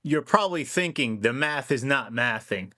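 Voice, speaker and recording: A man's voice: mid-range voice, animated, normal speed, bright, forceful tone. A man giving casual vlog commentary on finance, conversational and rambling, often correcting himself mid-sentence.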